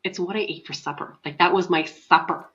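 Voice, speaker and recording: A middle-aged woman co-hosting a casual chat podcast, telling chatty, animated stories while sick with a cold. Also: fairly low pitch, fairly quick. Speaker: podcast co-host, mother. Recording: dull lo-fi sound.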